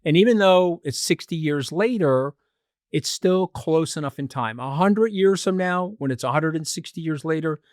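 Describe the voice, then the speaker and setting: Man, podcast guest, emphatic and animated, slightly high voice, close dry studio mic. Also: no room sound. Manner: emphatic, animated, rapid bursts of argument. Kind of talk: casual podcast discussion.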